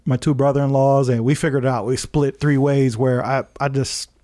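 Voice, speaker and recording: Man telling a story with animated quotes. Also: mid-range voice, fairly quick. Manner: animated, acts out quotes, laughs often. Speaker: podcast host telling his story. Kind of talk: casual storytelling.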